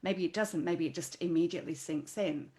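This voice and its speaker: Woman host, lowish voice, reflective and unhurried, video call. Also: dark tone. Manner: thoughtful, musing aloud. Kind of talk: online conversation.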